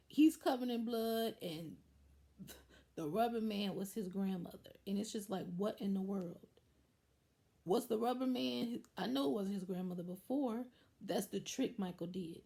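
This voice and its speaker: Woman vlogger, mellow tone, animated retelling, casual recap. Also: mid-range voice. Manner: animated retelling, acts out lines of the characters. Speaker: vlogger reviewing a TV episode.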